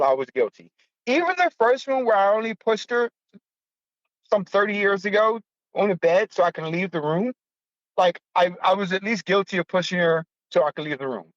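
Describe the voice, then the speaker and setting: A man's voice: high voice, dry recording. A man telling a personal story on a podcast in blunt, profane, casual slang, with emphatic outbursts. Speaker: podcast guest. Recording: dull lo-fi, dry.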